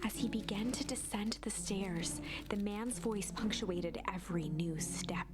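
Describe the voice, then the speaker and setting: A woman reads a spooky tale in a hushed, suspenseful voice, her pitch sitting in the middle of her range. Clear music plays steadily behind her. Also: unhurried. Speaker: narrator of a story game. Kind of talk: scripted narration read aloud.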